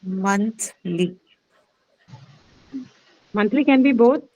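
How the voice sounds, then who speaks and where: A woman leads an online lesson at an ordinary mid pitch. She explains things patiently, one step at a time. She keeps checking in with her students with a steady stream of "okay"s and "right?"s. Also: moderate pace, low-quality recording. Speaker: English teacher. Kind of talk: live online class lecture.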